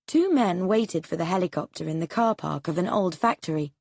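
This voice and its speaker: A woman narrating a graded reader story for English learners in a slow, clear, deliberate way. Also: on the low side, animated, darkish tone, dry recording, studio quality.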